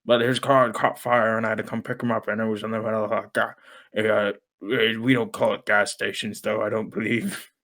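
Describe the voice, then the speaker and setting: A man's voice: on the low side, flat delivery, a little fast, creaky, a bit bright. A man co-hosting a casual podcast, telling a story in a put-on British accent and humming little filler syllables between sentences. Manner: keeps up a mock British voice, hums little "pa pa pa" fillers. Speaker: podcast co-host.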